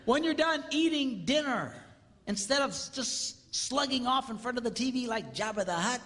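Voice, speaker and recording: A man giving a comedic marriage seminar on stage in a large hall, playful and animated, acting out little quotes and sound effects. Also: extremely high pitch, moderate pace, noisy background. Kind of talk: comedic live seminar talk. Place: large hall with live audience.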